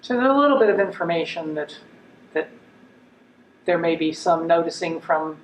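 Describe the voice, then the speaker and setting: A woman in a counselor's role speaks in a calm, reflective way, often restarting her questions gently. Her voice carries a roomy echo over a faint hiss. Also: fairly low pitch, moderate pace, recorded from a distance. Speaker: counselor in a training role-play. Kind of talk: clinical interview role-play.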